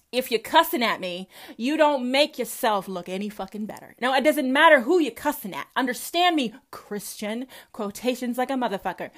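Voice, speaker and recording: A Southern American woman with a slightly high voice rants straight to her audience, swearing hard and firing rhetorical questions. Her delivery is combative and emphatic, hammering each point. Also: a bit bright. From Southern United States. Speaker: commentator. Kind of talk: profane religious rant to camera.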